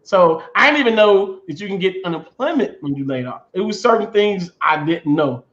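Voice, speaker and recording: An animated man from the US Midwest co-hosts a casual chat, retelling stories with restarts and laughs. His voice sits fairly high. The sound is roomy and slightly dull. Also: normal speed. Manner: animated storytelling, repeats himself, laughs. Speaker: podcast co-host.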